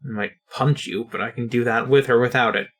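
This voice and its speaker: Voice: medium pitch, brisk, breathy edge, soft background music. A person voicing a sullen, defiant young man in a tabletop role-play, curt and grumbling. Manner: curt, grumbling, dry humor.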